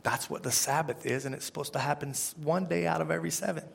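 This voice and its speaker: A man's voice: fairly high pitch, steady tone, fast, vocal fry, slightly rough. A man preaching a conversational sermon, often asking the congregation questions. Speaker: pastor.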